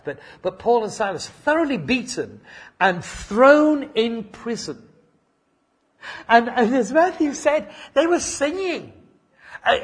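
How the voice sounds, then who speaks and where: A man's voice: sits high, breathy edge. An older man preaching a sermon in a chatty, anecdotal way, full of asides and self-corrections.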